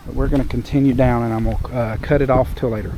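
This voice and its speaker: A man's voice: mid-range voice, steady tone, quick pace, dark tone. A man in his forties chatting casually to viewers on a handheld camera as he hikes a windy hilltop trail above a cove. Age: 40s. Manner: chatty, addresses viewers while hiking. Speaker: travel vlogger. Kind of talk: casual vlog chat to camera. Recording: outdoor wind noise on the mic. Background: gusting wind.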